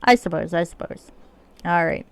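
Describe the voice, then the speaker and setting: A woman's voice: lowish voice, normal speed, clear, resonant tone. A woman streaming a video game, chatting casually in a playful, joking way and swearing freely. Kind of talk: casual gameplay commentary.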